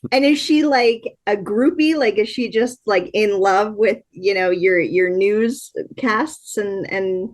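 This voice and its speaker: A woman's voice: mid-range voice, slow pace, few pauses. A Canadian woman hosting a casual interview, blunt and teasing with crude jokes. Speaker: host.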